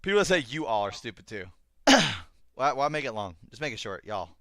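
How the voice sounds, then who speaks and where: Young man, from the US South, podcast co-host, blunt profane banter, bright voice, dry close mic. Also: mid-range voice, normal speed, dry recording. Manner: blunt, profane, animated ranting.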